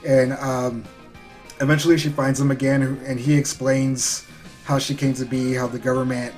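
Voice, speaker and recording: A man's voice: medium pitch, little pitch movement, moderate pace, darkish tone, faint music behind. A man giving a loose, rambling recap of a show episode, full of fillers and the odd swear word. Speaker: show reviewer.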